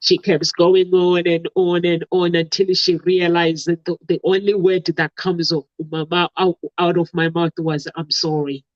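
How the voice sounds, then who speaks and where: A man's voice: high voice, level tone, unhurried, hardly any pauses, no echo. A man talking on an online chat show, rambling through a story with many restarts. The audio is muffled and lo-fi, with no room sound at all. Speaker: talk show participant. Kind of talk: casual chat. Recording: dull, dry lo-fi audio.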